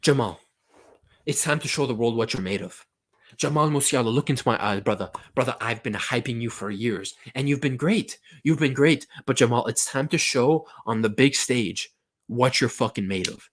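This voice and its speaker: A man's voice: medium pitch, normal speed. A man giving an impassioned, pleading mock locker-room pep talk, swearing and apologizing as he goes. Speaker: football fan vlogger.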